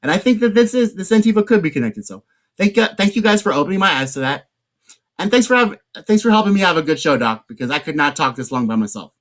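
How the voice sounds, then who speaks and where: Excitable high-voiced male host. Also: quick pace. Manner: excitable, repeats himself, swears; hot-headed. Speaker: livestream host. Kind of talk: casual political chat.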